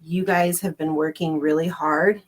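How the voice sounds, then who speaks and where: On a live-streamed card reading, a guest psychic speaks in a low voice with fairly even intonation at a moderate pace. She is effusive and giggly, and she repeats herself often.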